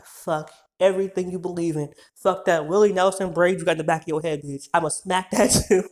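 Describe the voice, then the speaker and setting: A man's voice: high-pitched, fairly even intonation. A man in his twenties telling a story in a heated, profane rant, so worked up that he trips over his words. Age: 20s. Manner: heated, profane, rapid-fire insults.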